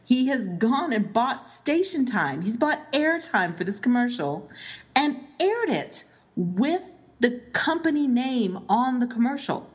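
A woman co-hosting a podcast in casual chat, animated and emphatic, laughing often. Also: on the high side, measured pace. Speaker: podcast co-host.

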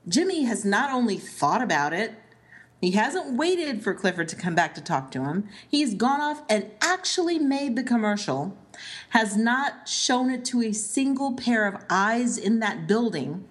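A woman co-hosting a podcast in casual chat, animated and emphatic, laughing often. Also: a little high, measured pace. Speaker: podcast co-host.

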